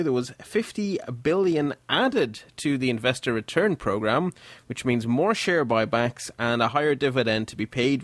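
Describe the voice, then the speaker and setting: An Irish man hosts a casual tech podcast. He reads off the figures in a steady, methodical run and keeps the discussion moving. His voice sits dry and close to the mic. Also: medium pitch, no room sound. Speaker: podcast host.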